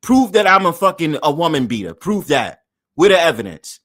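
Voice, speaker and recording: A man's voice: a little high, big pitch swings, moderate pace, a bit bright, dry recording, clean studio sound. A man hosting a livestream, arguing heatedly with profane taunts and repeated challenges.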